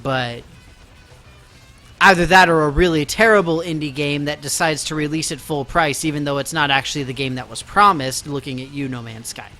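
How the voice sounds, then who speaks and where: A man's voice: a little high, fairly even intonation, normal speed, pushed and bright, soft background music. A man live-streaming a video game, chatting casually and mocking himself to his viewers while he plays.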